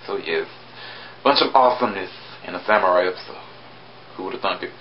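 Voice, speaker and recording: A man casually reviewing a TV episode, chatty with sarcastic asides and sudden jumps in pitch. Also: a little fast, muffled recording, slight background noise.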